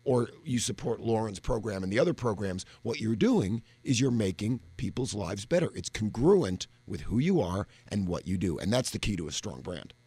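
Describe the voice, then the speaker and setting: A man's voice: on the low side, animated, moderate pace, few pauses, warm tone, breathy edge, no room sound. A man speaking as a radio guest on branding, explaining in a confident, folksy way into a studio microphone. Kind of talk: casual on-air chat.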